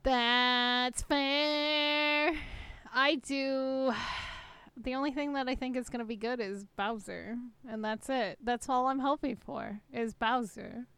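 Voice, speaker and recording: A woman's voice: high voice, fairly even intonation, takes it slowly, a bit bright, clean tone, no echo. A young woman co-hosting a stream, chatting casually with a playful, profane, joking manner. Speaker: streamer co-host. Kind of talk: casual chat.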